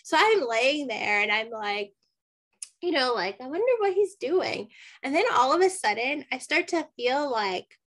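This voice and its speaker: A woman with a high-pitched voice speaks a little slowly as a podcast guest, sharing a personal story in casual conversation. She's animated, acts out the dialogue, and fills her speech with plenty of "like."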